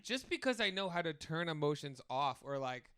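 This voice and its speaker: Man, podcast co-host, casual chat, lively pitch, bright voice. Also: normal speed, clean tone, dry recording. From New Jersey. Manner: animated, laughing storyteller.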